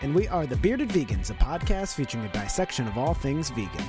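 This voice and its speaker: A man's voice: mid-range voice, sing-song, a little fast, music in the background. A man co-hosting a casual podcast, upbeat and playful. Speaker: podcast co-host.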